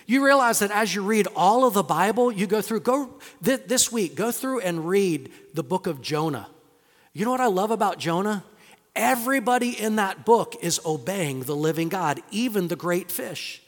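A middle-aged male pastor preaching a sermon in a conversational style, firing rhetorical questions and moving between emphatic points and hushed asides. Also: high voice, animated, normal speed. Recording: long reverb of a large hall.

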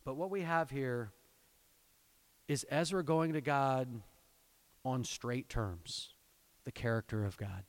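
A man preaching a sermon, reading scripture aloud and explaining it in earnest, exhorting tones, swelling into fervent pleading and then dropping low. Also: slow, pauses often. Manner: earnest, exhorting, addresses parents directly. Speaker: pastor.

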